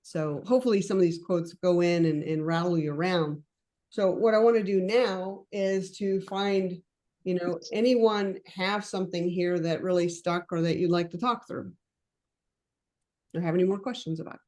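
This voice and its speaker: A woman leading an online coaching class, chatty and animated, laughing often and acting out conversations with clients. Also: fairly low pitch, moderate pace.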